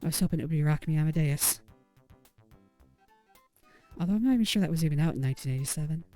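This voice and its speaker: Chill lady doing a lets play, wry little asides, mellow voice, dry mic, faint game music. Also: deep voice, lively intonation, quick pace, no room sound. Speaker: let's play host. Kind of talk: casual gameplay commentary, reading game text.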